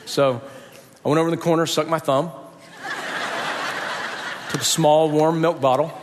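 A man's voice: a little high, fairly even intonation, normal speed, in a large hall, background noise. A man preaching a sermon, telling a personal story and acting out the voices of the people in it. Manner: storytelling, acts out quoted voices.

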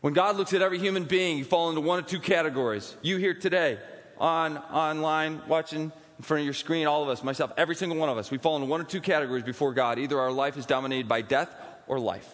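A man preaching a sermon in a church, swinging from loud emphatic peaks to hushed, quiet asides. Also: a little high, fast talker, long reverb tail. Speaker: pastor. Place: church sanctuary.

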